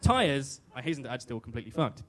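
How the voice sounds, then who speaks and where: A man's voice: mid-range voice, very animated, quick pace, a bit bright. A British man telling a comic personal story on stage, wry and self-deprecating, with fillers and restarts. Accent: British English. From Britain. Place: live storytelling venue on stage.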